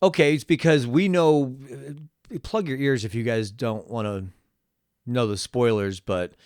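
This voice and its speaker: A man's voice: mid-range voice, unhurried, darkish tone, clean tone, dry recording. Goofy riffing man, dry mic. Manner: goofy, riffing, puts on silly voices. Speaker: podcast co-host. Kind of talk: casual chat.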